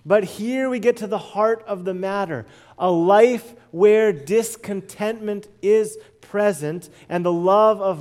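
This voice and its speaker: Pastor, male, sermon delivery; high voice, unhurried, earnest, swells loud and drops soft. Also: smooth. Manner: earnest preaching, swelling loud then dropping soft and low.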